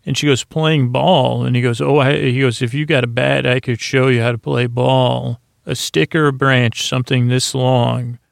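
A man hosts a sleepy podcast with a gravelly voice. He rambles softly through a story recap and doubles back on himself often. His pitch barely moves, and the sound is close and dry. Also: fairly even intonation, moderate pace, few pauses, no room sound. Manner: meandering, full of fillers and restarts; soft, low-key delivery. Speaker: podcast host. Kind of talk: rambling bedtime episode recap.

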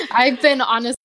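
A woman's voice: high voice, a bit bright, no echo. A woman chatting candidly on a podcast, often laughing as she talks. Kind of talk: casual chat.

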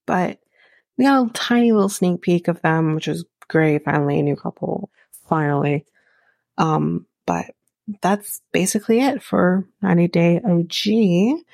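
A woman's voice: on the low side, lively intonation, measured pace, vocal fry, darkish tone, dry recording. A woman podcast host giving a casual TV episode recap, chatty with wry sarcastic asides.

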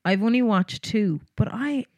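A woman's voice: mid-range voice, a little slow, dry recording. A young woman co-hosting a podcast in casual chat, talking on in a loose way with frequent laughs and sentences she leaves unfinished. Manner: chatty, laughs often, trails off mid-sentence. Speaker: podcast co-host.

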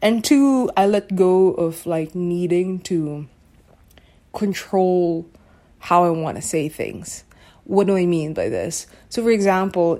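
A woman's voice: on the low side, mellow. A woman hosting a casual solo podcast, musing aloud, searching for words and often checking whether the listener follows. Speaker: podcast host.

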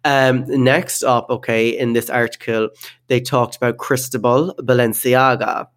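A man's voice: mid-range voice, fairly even intonation, measured pace. A man co-hosting a podcast in casual chat, talking loosely with many fillers and frequent laughs. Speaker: podcast co-host.

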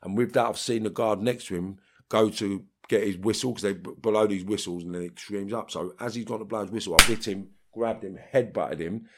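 Man with a London accent, very deep voice, blunt streetwise storytelling, swears in bursts. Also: steady tone, fairly quick, pushed and bright. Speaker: interviewee. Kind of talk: storytelling interview.

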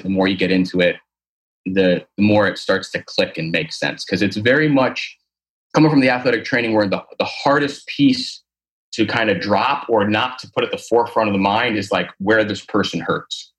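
A man's voice: on the low side, fairly bright tone. A man, an athletic trainer, talking about his posture therapy work in a casual interview, earnest and rambling with many fillers and restarts.

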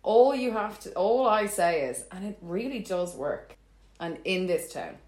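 A woman's voice: medium pitch, lively intonation, unhurried, a little mellow. A woman, co-hosting a podcast in casual chat. She laughs easily and gives playful advice. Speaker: podcast co-host. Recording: roomy echo.

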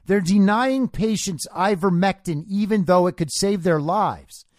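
A man's voice: sits high, measured pace, no room sound, clean studio sound. A man hosting a political commentary podcast, lecturing in a combative way and often tagging lines with "okay?". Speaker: podcast host.

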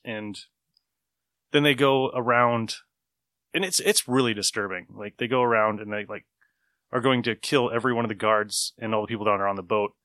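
A man hosts a casual podcast, rambling loosely through stories with plenty of laughing and swearing. His voice is bright and forward. The sound is close and dry, with no room around it. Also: fairly low pitch, fairly even intonation, normal speed, no room sound. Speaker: podcast host reviewing comics. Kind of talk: casual chat.

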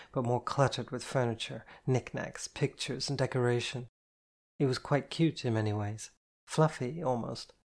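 An audiobook narrator reading a first-person novel in an even, measured way. The voice sits in a middle register. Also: mid-range voice.

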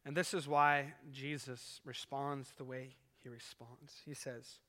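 A man's voice: mid-range voice, flat delivery, slow pace, hardly any pauses, a bit bright. A man preaching a sermon as pastor, earnest and swelling and dropping in volume as he retells a scene. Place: church sanctuary. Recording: echoey church hall.

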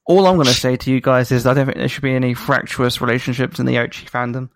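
A podcast co-host in casual chat, making playful deadpan jokes. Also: mid-range voice, fast talker, no room sound.

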